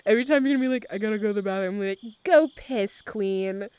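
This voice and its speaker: A woman's voice: mid-range voice, racing, darkish tone, clear, resonant tone, no echo. A young adult woman streamer chatting casually with her live chat, using lots of slang and laughing often.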